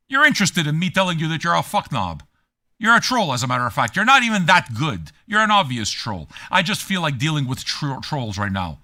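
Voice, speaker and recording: Brief: male stream host, profane and combative, mocking his chat; bright, tense edge, lively swoops in pitch, sits a little high. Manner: mocking, combative and crude, with laughing jabs. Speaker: DJ and livestream host. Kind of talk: profane rant at chat viewers.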